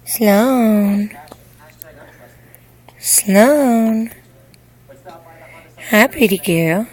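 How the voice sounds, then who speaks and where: A young mother cooing to her newborn at home in soft baby talk, whispering softly and then rising into high squeals. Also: extremely slow.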